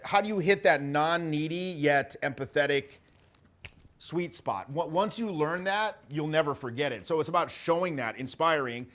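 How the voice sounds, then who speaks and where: A man coaching social skills in a casual, animated way, with the odd swear and quick acted-out quotes. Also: fairly high pitch. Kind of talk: casual spoken teaching.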